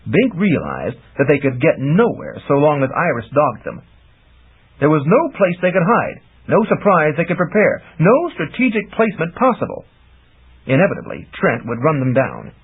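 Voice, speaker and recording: A man narrating a fantasy audiobook in a lively, expressive reading, heard over tinny phone-like audio. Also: on the high side, normal speed, slightly rough.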